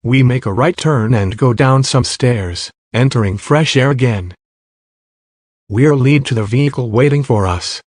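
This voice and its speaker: A man narrating fan fiction aloud in a steady first-person storytelling voice. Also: medium pitch, unhurried, dry recording, studio quality.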